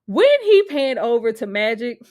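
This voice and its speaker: A woman giving a casual reaction review of a TV episode, slangy and animated, laughing often and swearing freely. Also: on the high side, moderate pace, no room sound, studio quality.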